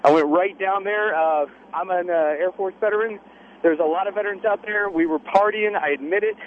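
A man's voice: sits high, fairly quick, phone-quality sound, slight background noise. A young man calling into a talk radio show, an Air Force veteran. He speaks politely and deferentially. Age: young adult. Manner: polite, deferential, says sir. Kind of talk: phone-in talk.

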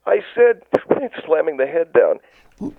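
A man's voice: a little high, big pitch swings, moderate pace, vocal fry, no echo, heavily acted. A man playing an indignant middle-aged caller who refuses masks, rambling and stammering through a tinny phone line. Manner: rambling, stammering restarts, whiny disbelief.

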